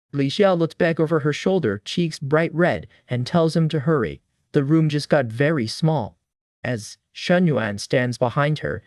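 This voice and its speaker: A man's voice: medium pitch, darkish tone, no room sound, studio quality. A man narrating a comic recap in a scripted, wry storytelling manner.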